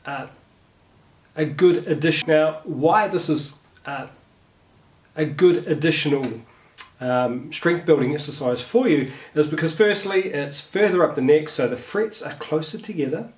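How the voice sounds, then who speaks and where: A man giving a relaxed guitar lesson, talking through finger positions with a few fillers. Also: on the high side, unhurried. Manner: relaxed, thinks aloud with fillers. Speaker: guitar teacher. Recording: roomy with guitar playing. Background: guitar playing.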